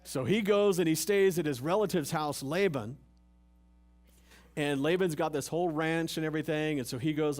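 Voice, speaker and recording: A man preaching in a slightly high voice, swinging from punchy questions to dry asides. He talks like he is chatting with friends, tossing in jokes and everyday slang. He is delivering a church sermon to a live congregation. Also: normal speed, darkish tone. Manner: conversational, humorous preaching with rhetorical questions. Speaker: pastor. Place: church service.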